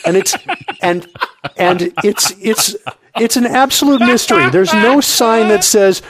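A man telling absurd comic stories on a podcast, rambling and excitable, often laughing at his own tale. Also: high voice, unhurried, background noise. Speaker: comedy podcast regular.

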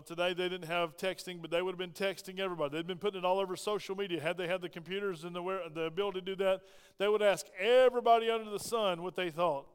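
Male pastor, high and smooth voice, lively sermon delivery with rhetorical questions, church hall reverb. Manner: animated preaching with humor, quick asides and rhetorical questions. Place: church sanctuary.

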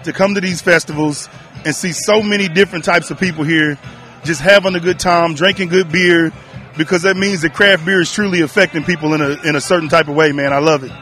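A man's voice: on the high side, steady tone, brisk, a bit bright, faint music behind. A man chatting in an easygoing, friendly way as a guest at an outdoor beer festival. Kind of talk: casual chat at a beer festival.

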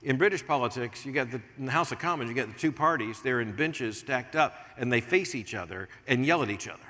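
An older American man preaching a sermon as pastor, swinging from hushed asides to emphatic points. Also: mid-range voice, lively intonation, quick pace. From United States. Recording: long reverb of a large hall.

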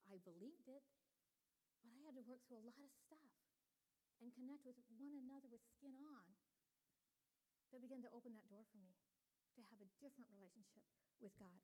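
A woman's voice: a little high, a little fast, pauses often, dark tone, slightly rough, rough recording. An older woman delivering a sermon to women in an earnest, personal teaching tone. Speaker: women's ministry speaker.

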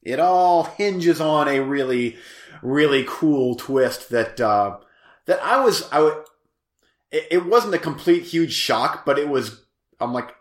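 Reviewing a movie on a podcast he co-hosts, a man chats casually in a mid-range voice with lively intonation at a measured pace, in a reverberant setting. His talk meanders, breaks off mid-sentence, and is full of easy laughter.

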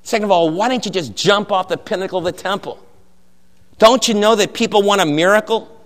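A preacher playing an accusing old cardinal. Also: male voice, on the high side, lightly acted. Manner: accusing, hammering questions. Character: old domineering male cardinal inquisitor. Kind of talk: sermon with acted story. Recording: long hall reverb.

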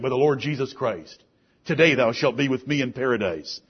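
A man preaching a sermon, firing off rhetorical questions and swinging between soft, low passages and loud, raised ones. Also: normal speed, breathy edge, lo-fi sound.

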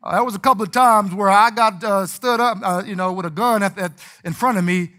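High-voiced animated male preacher. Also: a little fast. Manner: animated preaching, acts out scripture and anecdotes in character. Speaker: pastor. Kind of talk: sermon.

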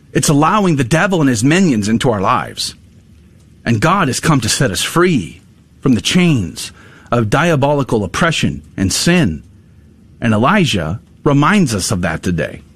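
A man's voice: breathy edge, no echo. A man hosting a faith talk show, telling a story with great animation and acting out the quotes. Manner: animated storyteller, acts out quotes with big pitch jumps. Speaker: Catholic radio host.

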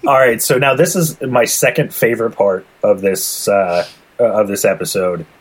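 A man's voice: lowish voice, steady tone, normal speed, slightly rough, poor audio. A man co-hosting a casual anime discussion podcast, laid-back and jokey, laughing easily. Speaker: podcast co-host.

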